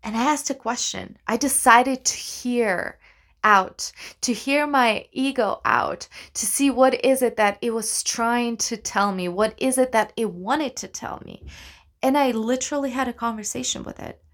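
A woman's voice: fairly high pitch, measured pace, a bit bright. A woman, hosting a solo podcast and talking thoughtfully and earnestly, often restarting her sentences. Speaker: podcast host, actor. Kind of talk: reflective solo podcast talk.

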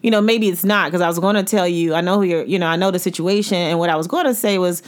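A young woman co-hosts a podcast in a fast, emphatic flow of informal talk. She rushes through her points, drops in mild curses, and keeps checking in with "right?". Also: fairly low pitch. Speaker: podcast co-host. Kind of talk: casual chat.

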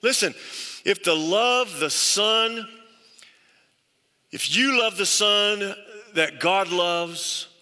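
A man's voice: sits high, very slow, long pauses, sharp tone, long reverb tail. A male pastor preaching a sermon, telling stories earnestly and stressing points through repetition. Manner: earnest storytelling with emphatic repetition.

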